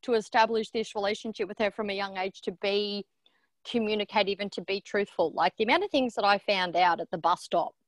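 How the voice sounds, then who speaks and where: A woman's voice: mid-range voice, fairly quick, no room sound. Frank, dry-sounding woman guest. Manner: frank, animated storyteller. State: sore throat. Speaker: podcast guest. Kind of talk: casual chat.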